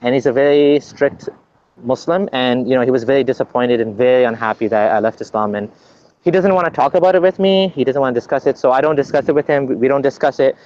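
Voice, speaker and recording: A man's voice: medium pitch, fast, a little mellow, muffled recording. A man being interviewed as a guest, explaining at length in an earnest, conversational way, often restarting his sentences.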